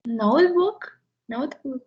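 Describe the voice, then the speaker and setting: A young woman answers as a student in an English lesson role-play. She speaks slowly and hesitantly, in a somewhat high voice. The recording is dull and muffled. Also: lively intonation. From Mexico. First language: Spanish. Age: young adult.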